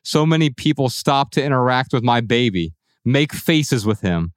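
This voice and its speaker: Recorded in studio quality with no room sound, this Midwestern American podcast co-host speaks at a normal speed and medium pitch. He tells casual stories with animated energy, slipping into playful voices to imitate the people he quotes.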